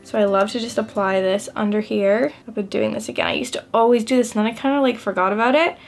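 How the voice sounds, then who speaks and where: A woman's voice: medium pitch, fast, gravelly, soft background music. A young adult woman chatting through a makeup routine, self-deprecating and filling her talk with "like". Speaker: beauty vlogger. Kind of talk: casual makeup tutorial chat.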